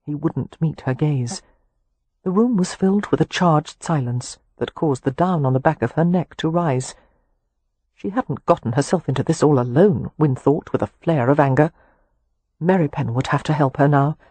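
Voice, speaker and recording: A woman narrates a period romance audiobook in a measured, even voice with a slight husk. The recording is close and dry. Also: deep voice, breathy edge, no room sound. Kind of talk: scripted narration.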